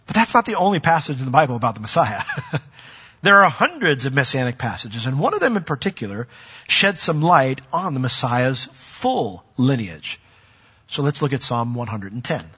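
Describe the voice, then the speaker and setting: Husky bright-voiced pastor preaching, acts out stories, dull echoey hall recording. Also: male voice, medium pitch, moderate pace. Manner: animated storytelling, acts out voices. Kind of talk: sermon.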